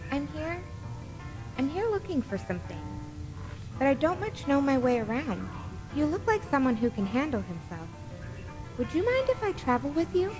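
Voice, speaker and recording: A woman voicing a forward young woman who asks a stranger to travel with her, with a stilted, halting delivery. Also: sits high, sing-song. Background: game music.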